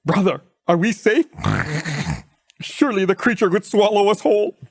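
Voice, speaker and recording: A man's voice: high voice, very animated, moderate pace, fairly bright tone, full character voice. A man voicing a meek, fragile youngest boar who talks in a wheezy, timid, pleading way. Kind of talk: comedic improvised storytelling.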